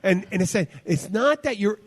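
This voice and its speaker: A man's voice: high voice, expressive, normal speed. A middle-aged man, a bartender hosting a podcast, chatting casually and telling rambling stories with many restarts. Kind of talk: casual chat.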